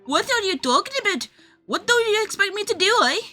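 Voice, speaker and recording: Woman doing a scrappy cockney street girl, sharp bright voice, bouncy, some music under it. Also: very animated, brisk, full character voice. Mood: defiant. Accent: put-on Cockney. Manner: high, pushy, clipped street slang. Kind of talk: reading game dialogue aloud.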